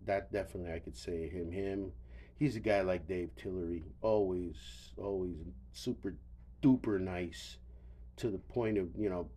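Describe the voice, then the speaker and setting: A man's voice: low voice, warm tone, a little hiss or hum. An older man hosting a solo podcast, rambling wearily with profanity and stammered restarts, tired and yawning. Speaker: podcast host.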